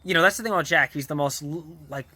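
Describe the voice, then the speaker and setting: A man's voice: a little high, fast talker, sharp tone, slightly rough, dry recording. A man vlogger casually retelling a TV episode in a rambling way, full of fillers, restarts and small chuckles. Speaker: vlogger reviewing a TV show.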